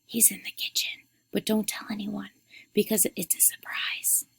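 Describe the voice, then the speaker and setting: A woman's voice: mid-range voice, little pitch movement, moderate pace, fairly bright tone, husky, no room sound. A woman whispering as a secretive rich girl. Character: secretive wealthy young girl. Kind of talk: read-aloud storytelling.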